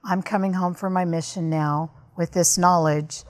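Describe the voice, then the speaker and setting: Woman guest, slightly low voice, earnest storyteller for a podcast interview. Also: steady tone, moderate pace. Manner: candid, earnest, recounting events at length. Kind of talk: personal storytelling in conversation.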